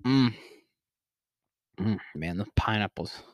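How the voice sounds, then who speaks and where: Slow-talking young man, constant laughter. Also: on the low side, dry recording, clean studio sound. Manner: profane, laughs constantly through his story. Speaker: podcast host. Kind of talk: casual comedic storytelling.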